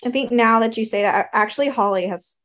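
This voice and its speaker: A woman's voice: a little high, fast talker, a bit bright. A woman from the American South talking through her thoughts in a conversation, thoughtful and hesitant with many fillers. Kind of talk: casual reflective conversation.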